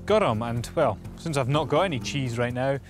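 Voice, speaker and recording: A man's voice: medium pitch, lively intonation, moderate pace, music in the background. A man presenting on location in a playful, punning way. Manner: punning, jokey.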